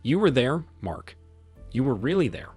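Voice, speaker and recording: This is a storybook wife, distraught and a little drunk, begging forgiveness in a mumbling, quivering way, put on by a man narrating. Her pitch rises and falls a lot, the tone stays husky, and soft music plays under the story. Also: very animated, normal speed. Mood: pleading. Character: distraught tipsy wife, pleading and clingy.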